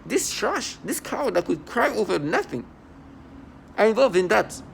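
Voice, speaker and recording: A defiant man talks straight to the camera from home, his somewhat high voice roughened by heavy gravel. He speaks with scorn, stumbling, restarting and repeating words as he goes. Traffic hums faintly in the background. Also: very animated, moderate pace. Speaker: vlogger. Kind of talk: angry personal monologue to camera. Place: at home indoors.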